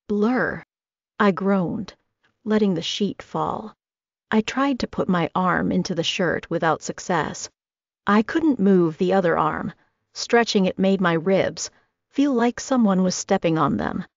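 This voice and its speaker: A woman reads a first-person audiobook with wry, comic timing. Her voice is low and gravelly with vocal fry. The recording is dry, close and slightly dull. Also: dry recording. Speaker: audiobook narrator.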